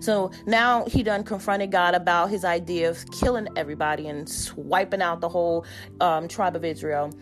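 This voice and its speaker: A woman preaching a sermon, reading scripture and retelling it in emphatic, colloquial speech that builds to excited calls. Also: on the low side, moderate pace, soft background music.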